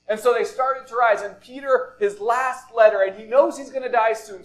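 A male pastor preaching a sermon in deliberate phrases, often falling soft and low at the end of a thought. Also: poor audio.

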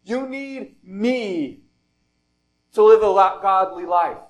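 A man's voice: high-pitched, animated, slow pace. A man voicing a manipulative false teacher who talks down to his listener, set in a sermon. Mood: condescending.

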